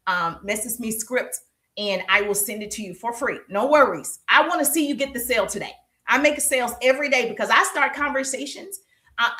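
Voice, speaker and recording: Bright, energetic woman sales coach. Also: high-pitched, reverberant. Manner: energetic, repetitive, laughs often. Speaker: social media sales coach. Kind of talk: live-stream sales coaching.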